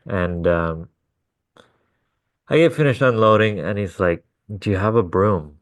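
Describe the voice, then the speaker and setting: Deep-voiced podcast co-host, swearing storyteller, low register. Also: male voice, lively intonation, unhurried, pauses often, no room sound. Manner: swearing, acts out quotes. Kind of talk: casual storytelling.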